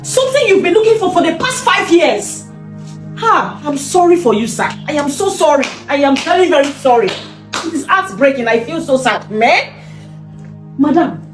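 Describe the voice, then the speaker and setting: A woman's voice: high voice, big pitch swings, moderate pace. A woman playing a female envoy in a comedy skit, scolding and then mourning a lost deal. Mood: sorrowful. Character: woman envoy bringing a contract, indignant then sorrowful. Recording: roomy audio with background music.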